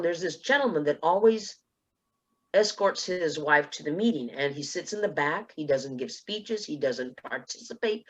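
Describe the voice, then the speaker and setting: A woman from South Texas on a panel, telling a personal story in a lively way and acting out the dialogue. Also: lowish voice, lo-fi sound. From South Texas, USA. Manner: lively, acts out dialogue in quotes. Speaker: panelist, speech contest finalist.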